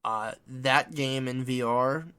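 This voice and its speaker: A man in his forties hosting a casual podcast chat, excitable, laughing often and swearing freely. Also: mid-range voice, slow pace, clean tone. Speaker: podcast host.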